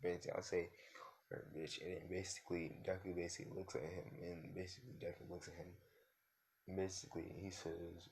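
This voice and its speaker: A man's voice: low-pitched, little pitch movement, fast talker, vocal fry, darkish tone, slight background noise. A young man making a video, loosely improvising a fan-fiction story at home in slangy talk full of fillers. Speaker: YouTuber.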